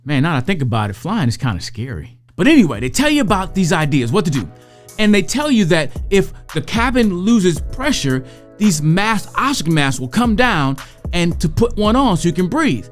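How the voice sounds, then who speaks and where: A woman giving a motivational talk to parents and educators, conversational, slowing down to draw out key phrases. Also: fairly low pitch, sing-song, soft background music.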